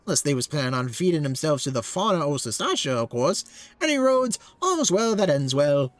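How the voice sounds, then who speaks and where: A man voicing a gruff, blunt harbor officer in a put-on British pirate accent, swearing and dropping into rough dialect. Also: a little high, big pitch swings, brisk, no room sound, voice pushed down.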